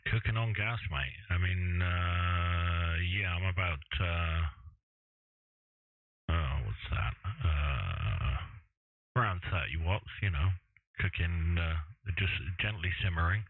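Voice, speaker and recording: Deep bloke cracking jokes on the ham radio, calls everyone mate, tinny hissy signal. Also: male voice, animated, slow pace, no echo. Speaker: ham radio operator, co-host. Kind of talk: casual banter over amateur radio. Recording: narrow radio transmission with static hiss.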